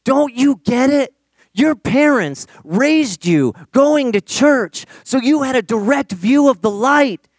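A man playing an excitable, earnest man who shouts frantically in someone's face. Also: very high-pitched, unhurried, hardly any pauses, dry recording, voice pushed up, heavily acted. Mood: frantic.

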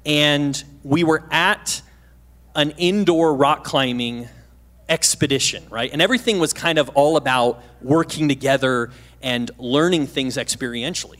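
A man's voice: fairly high pitch, measured pace, a bit bright. A man in his thirties preaching as a guest pastor, telling a personal story with jokes and questions to the congregation. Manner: chatty, self-deprecating, asks the audience questions. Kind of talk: sermon storytelling with humor. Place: church stage.

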